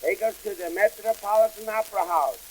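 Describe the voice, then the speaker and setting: A man playing Cohen, a wisecracking immigrant comic businessman, in 1920s vaudeville comedy record style with deadpan punchline patter. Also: high voice, fairly quick, background noise, lightly acted. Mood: bickering.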